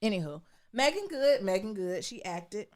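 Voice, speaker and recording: A woman co-hosting a podcast, chatting casually in an animated, candid way and swearing freely. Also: medium pitch, normal speed. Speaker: podcast co-host. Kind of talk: casual chat.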